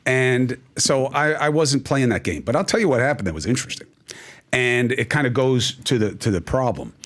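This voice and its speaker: A middle-aged man talking candidly as a podcast guest, emphatic, with fast bursts and slow, stressed points. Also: medium pitch, fairly bright tone.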